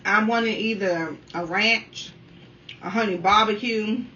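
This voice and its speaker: Chatty woman vlogger with a bright voice. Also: medium pitch, slow pace. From Washington, D.C. area. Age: 30s. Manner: talkative, keeps addressing viewers as y'all. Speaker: mukbang vlogger. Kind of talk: casual chatty food review while eating. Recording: dull, slightly distant sound with faint room noise.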